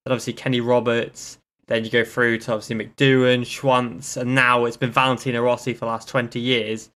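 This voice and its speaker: A man's voice: mid-range voice, level tone, brisk, fairly bright tone. A man hosting a casual motorsport podcast, rambling and tripping over his words. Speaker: podcast host.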